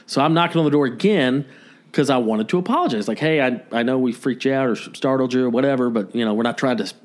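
Speaking quickly at a medium pitch, a comedy podcast co-host launches into a long story amid casual banter. He brings it to life by acting out the characters and their lines with animation.

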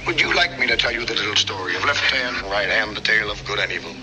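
An actor playing a sinister fake preacher in a 1950s film, speaking in an unctuous, sermonizing way. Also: male voice, fairly low pitch, lively intonation, fast talker, noisy background, close to an everyday voice. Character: sinister smooth-talking fake preacher, grown man. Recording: old film soundtrack with music.

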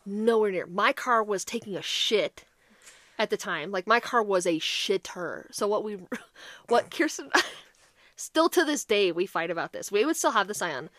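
A woman's voice: medium pitch, a little slow, dry recording, studio quality. A woman co-hosting a casual chat, telling a story with a lot of swearing and acted-out quotes. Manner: animated, swearing, acts out quotes. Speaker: podcast co-host.

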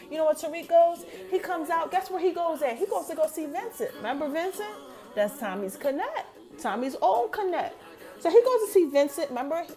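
Animated high-voiced woman recapping a show. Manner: animated, addresses listeners as y'all, acts out characters' lines. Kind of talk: casual TV episode recap.

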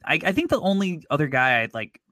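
A man co-hosting a sports podcast in an upbeat, easygoing way, pausing on "um" and "you know". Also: a little high, big pitch swings, bright, forceful tone, no room sound. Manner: upbeat, easygoing, measured with fillers. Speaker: podcast co-host. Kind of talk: casual sports podcast chat.

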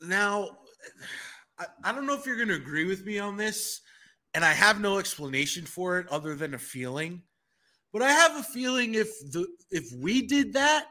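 Bright-voiced man co-hosting a chatty podcast. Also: high-pitched, expressive, moderate pace. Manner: chatty, joking, self-deprecating. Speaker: podcast co-host. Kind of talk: casual podcast chat.

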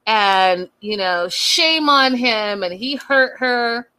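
A woman's voice: fairly high pitch, pushed and bright, clear, resonant tone. Sassy, chatty woman dishing gossip. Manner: chatty, sassy, fast, slangy asides. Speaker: reality TV recap vlogger. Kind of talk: casual gossipy recap.

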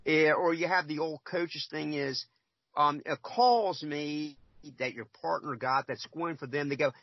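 A man's voice: a little high, steady tone, measured pace, no echo, highs cut off. A man who scouts and formerly refereed, talking on a podcast in an emphatic way, repeating himself and acting out conversations. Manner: emphatic, repeats himself, acts out quoted exchanges. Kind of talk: podcast interview.

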